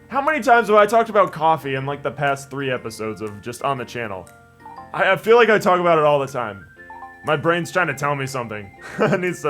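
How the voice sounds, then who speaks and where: A man's voice: fairly high pitch, a bit bright. Young man rambling over a game, faint music. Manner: rambling, jokey, reads game text in voices. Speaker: gaming channel host. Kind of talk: let's play commentary, reading dialogue aloud.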